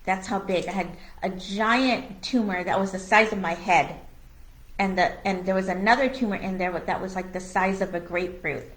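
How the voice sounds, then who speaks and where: A woman in a medium voice, talking through a relaxed spiritual conversation as co-host. She is earnest and open, full of "like" and "you know," and blunt enough to swear now and then. The room around her rings with a noticeable echo. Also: medium pitch, moderate pace. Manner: candid and earnest, with many fillers like "you know" and "like". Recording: echoey room.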